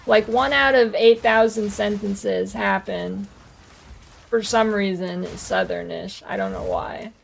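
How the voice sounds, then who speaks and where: Gravelly-voiced American woman streamer. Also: mid-range voice, expressive, measured pace, a little hiss or hum. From United States. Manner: rambling, blunt and profane. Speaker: game streamer. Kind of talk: casual gaming stream chat.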